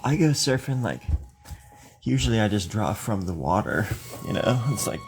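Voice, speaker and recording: A man's voice: on the low side, very animated, moderate pace, music in the background. A man chatting casually on a live stream while he draws, rambling and joking and laughing often. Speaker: live-streaming drawing host.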